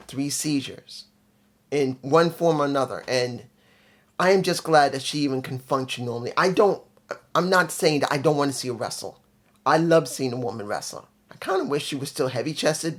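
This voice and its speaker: A man hosting his own channel, giving a casual spoken review in a blunt, emphatic way with dry sarcasm, often repeating his points. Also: mid-range voice. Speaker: show reviewer, channel host.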